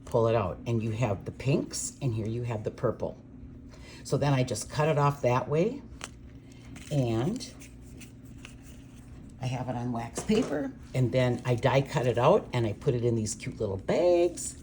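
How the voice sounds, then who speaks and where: A low-pitched older woman talks through a card-making tutorial in a chatty, gushing way. A faint hiss of noise sits behind her voice. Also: animated, moderate pace, darkish tone. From Minnesota, USA. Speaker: craft demonstrator.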